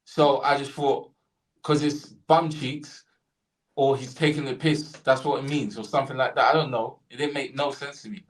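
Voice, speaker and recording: A man's voice: mid-range voice, fairly even intonation, moderate pace. A man co-hosting a casual podcast, using slangy banter. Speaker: podcast co-host.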